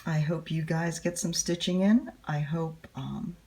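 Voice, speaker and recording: A woman with a very low, gravelly voice chats casually as she stitches. Her tone is husky and a little rough, and she rambles along with plenty of fillers, talking straight to her viewers. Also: a little slow, darkish tone. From United States. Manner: rambling, chatty, with many fillers. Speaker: cross-stitch vlogger.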